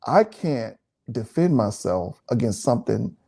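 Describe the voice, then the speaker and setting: Animated, preachy man co-hosting. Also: medium pitch, a little slow, creaky. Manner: repetitive, preachy, emphatic. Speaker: pastor and co-host. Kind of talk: relaxed teaching chat.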